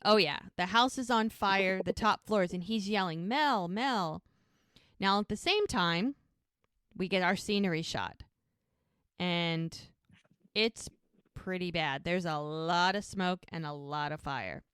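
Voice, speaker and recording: A woman co-hosting a podcast, casually retelling scenes of a TV episode in an animated way and acting out the characters' lines. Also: on the low side, measured pace, clean tone, dry recording, studio quality. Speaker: podcast co-host recapping a TV show. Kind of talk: casual recap storytelling.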